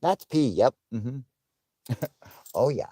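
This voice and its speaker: A man's voice: medium pitch, lively intonation, takes it slowly, dark tone, slightly rough, no room sound, clean studio sound. A man hosting a live stream, chatting casually with viewers in a profane, rambling way and laughing often.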